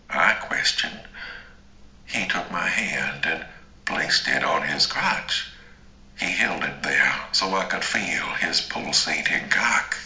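A man narrating a first-person story in a slow, dramatic, deliberate way. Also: a bass voice, pushed and bright, roomy sound, poor audio. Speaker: audiobook narrator.

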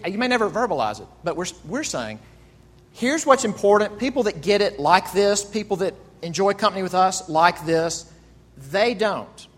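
A man's voice: on the high side, fairly bright tone, in a large hall. A male pastor preaching a sermon earnestly, asking rhetorical questions and often repeating words as he goes.

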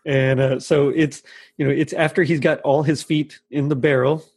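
A man co-hosting a podcast who keeps things light and laughs often. His voice is husky and a little high for a man. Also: flat delivery, normal speed, darkish tone. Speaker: podcast co-host. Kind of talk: casual chat.

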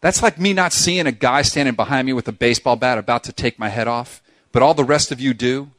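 A man preaching a sermon as pastor in a church, talking in an animated, emphatic way with lots of repetition, sometimes acting out voices. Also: medium pitch, a little fast, no room sound. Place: church sanctuary.

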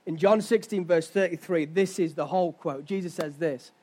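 A man's voice: on the high side, moderate pace, mellow. A young man preaching a sermon as pastor, telling stories and asking his listeners rhetorical questions. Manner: conversational storytelling with rhetorical questions.

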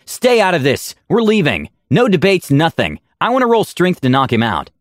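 A man voicing a self-righteous female adventurer who growls and shouts in anger. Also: fairly high pitch, wildly swooping pitch, fast, dry recording, studio quality, pitched above the performer's own voice. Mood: furious.

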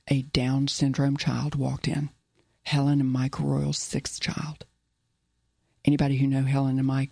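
A woman's voice: very deep voice, creaky, dark tone, slightly rough, no echo. A middle-aged woman telling her life story in an interview, earnest and repeating key phrases. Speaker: business owner guest.

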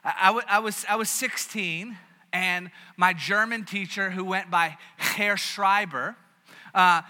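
Bright-voiced preacher in an echoing hall. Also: male voice, sits high. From American South. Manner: animated storytelling with many restarts. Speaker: pastor. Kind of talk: sermon. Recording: long reverb of a large hall.

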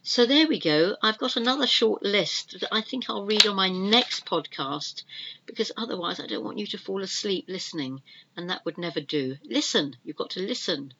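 A woman's voice: medium pitch, lively intonation, moderate pace, sharp tone, highs cut off, slight background noise. A woman hosting a language-learning podcast, pronouncing words carefully and spelling them out letter by letter. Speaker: podcast host, English teacher.

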